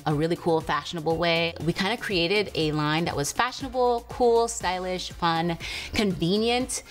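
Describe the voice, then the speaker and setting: A woman hosting her own show, chatting casually to the camera in a bubbly way and laughing often. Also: mid-range voice. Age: adult with a teen daughter and a baby. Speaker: host.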